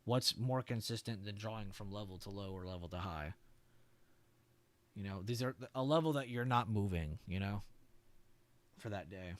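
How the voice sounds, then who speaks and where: A young man with a fairly low voice hosts a live trading stream at a normal pace, leaving long pauses. Relaxed and chatty, he swears, laughs, answers viewers and walks them through charts.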